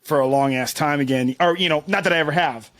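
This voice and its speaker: A man's voice: on the high side, quick pace, a bit bright. A man co-hosting a podcast, telling rambling self-deprecating stories in casual chat. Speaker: podcast co-host.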